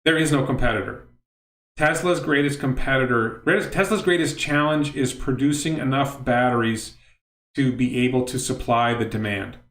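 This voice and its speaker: A man's voice: mid-range voice, moderate pace, a bit bright, roomy sound. A middle-aged man hosting a casual livestream, rambling and cutting himself off as he reads viewer questions aloud. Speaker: livestream host. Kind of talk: casual livestream talk answering chat questions.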